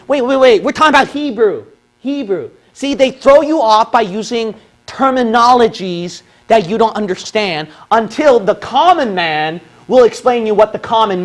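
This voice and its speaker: A man from the Philippines lectures in a high, light voice. He argues his case step by step and keeps checking in with "okay?" after each point. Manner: argumentative, repeats points with "okay?". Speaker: religious video presenter. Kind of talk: lecture on a whiteboard.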